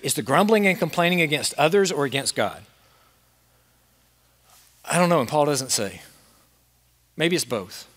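A pastor delivers an earnest, emphatic sermon, his high and bright voice pressing questions on the congregation. He is recorded in a large church hall, and each phrase trails off into a long reverb. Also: expressive, normal speed, long pauses. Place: church sanctuary with a masked congregation.

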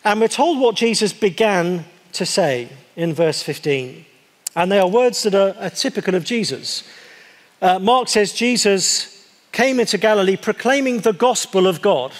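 A man preaching a sermon in a conversational, wry way, slowing down to stress key words. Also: high-pitched, lively intonation. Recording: long hall reverb.

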